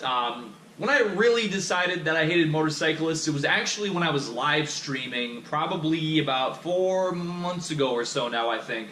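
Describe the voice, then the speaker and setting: A young man unloads an exasperated, profanity-laced rant straight to the camera. His voice sits a little high and bright. It carries a roomy echo and a faint background hiss. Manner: swears constantly, heated and exasperated. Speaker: vlogger. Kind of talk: profane ranting monologue. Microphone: action camera. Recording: echoey room, faint background noise.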